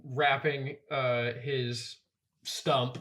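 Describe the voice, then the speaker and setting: A man playing a tabletop game, hesitant and filling with "like", quiet. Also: mid-range voice, little pitch movement, extremely slow. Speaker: player. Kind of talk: tabletop role-play, casual.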